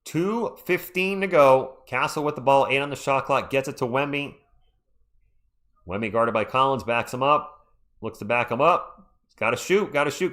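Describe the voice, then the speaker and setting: Male home-streamer commentator, mid pitch, calls plays with excited bursts and chats with viewers in between. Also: normal speed. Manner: excitable, chatty, jumps between game calls and asides to chat. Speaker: livestream play-by-play commentator. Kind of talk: live fan play-by-play commentary. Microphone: own microphone.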